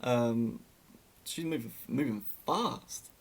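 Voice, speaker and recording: A man's voice: mid-range voice, slow, gravelly, slight background noise. A young man telling a story in a casual, sarcastic way, often laughing at it.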